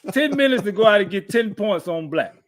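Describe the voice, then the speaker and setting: A man's voice: high-pitched, animated, fairly quick. Boastful trash-talking man in his thirties. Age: 30s. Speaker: podcast co-host. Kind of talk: casual sports chat.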